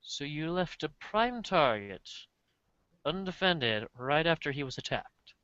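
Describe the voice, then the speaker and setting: A man's voice: on the high side, sing-song, unhurried, pushed and bright, smooth, no echo, muffled recording, exaggerated voice. A man playing a stern pony princess. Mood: commanding. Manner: formal, commanding.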